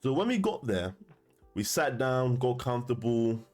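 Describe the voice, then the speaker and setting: A man's voice: medium pitch, big pitch swings, normal speed, darkish tone, faint music behind. A man telling a story to camera in a casual, slangy way, often laughing. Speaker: commentator.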